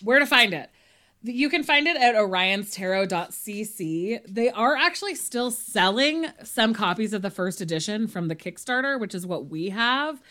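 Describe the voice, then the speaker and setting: A woman's voice: mid-range voice, animated, moderate pace, bright, forceful tone. A woman co-hosting a podcast, chatting in a casual, upbeat way and often laughing. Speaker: podcast co-host. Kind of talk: casual chat.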